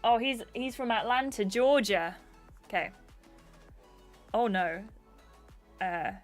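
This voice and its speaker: A woman's voice: mid-range voice, slow pace, faint music behind. Chatty woman streamer. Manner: chatty, giggly, reads game text aloud. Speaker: gaming streamer. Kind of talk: livestream game playthrough, reading aloud.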